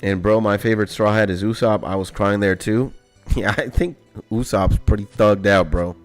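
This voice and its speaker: Excited, slangy young man streaming. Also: lowish voice, normal speed, faint music behind. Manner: excited, swears a lot, slangy. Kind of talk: casual gaming stream chat.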